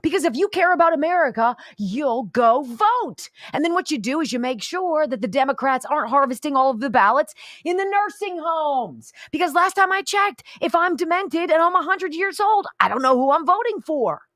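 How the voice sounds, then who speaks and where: A woman's voice: high voice, lively intonation, moderate pace, hardly any pauses, fairly bright tone, no room sound, clean studio sound. A woman hosting a political talk radio show, emphatic, indignant and sarcastic.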